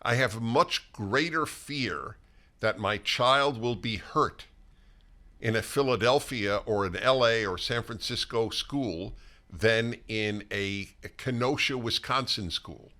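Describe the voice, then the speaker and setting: An older man hosting a political talk show conversation, emphatic and halting, with frequent restarts. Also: mid-range voice, bright, forceful tone. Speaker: host.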